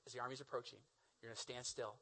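A man voicing God as a calm, matter-of-fact figure who gives simple orders in a low, quiet voice. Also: a little fast. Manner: low, quiet, laid-back.

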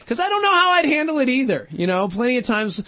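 A man's voice: extremely high pitch, big pitch swings, fast, pushed and bright, dry recording. A man in his thirties hosting a radio show, chatting casually and laughing often. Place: radio studio.

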